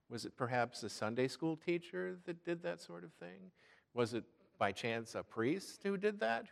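A middle-aged man from the Chicago area, an Episcopal priest giving a sermon in a church, telling a personal story in a relaxed way with fillers and repeated words. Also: medium pitch, creaky, long reverb tail.

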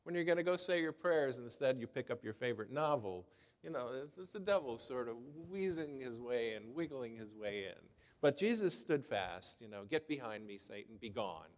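A man preaching a sermon in a conversational way, with many "you know" fillers, in what sounds like a church. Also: medium pitch. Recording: long hall reverb.

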